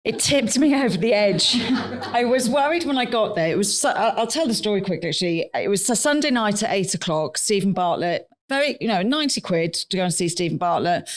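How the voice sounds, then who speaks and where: Animated woman telling stories. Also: medium pitch, fairly quick. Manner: animated storyteller, blunt and swears. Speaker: podcast co-host. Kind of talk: live podcast chat. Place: recording studio with a live audience.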